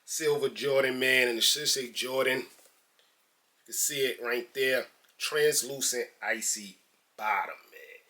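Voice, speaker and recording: Bright-voiced man reviewing sneakers casually. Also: mid-range voice, slow pace. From New York. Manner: laid-back and slangy, calls viewers guys and man.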